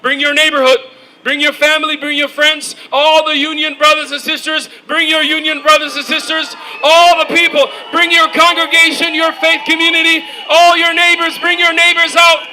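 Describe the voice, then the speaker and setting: A man giving an impassioned, shouted rally speech outdoors, rousing the crowd with call-and-response. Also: very high-pitched, level tone, normal speed, a little hiss or hum, low-quality recording. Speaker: rally speaker.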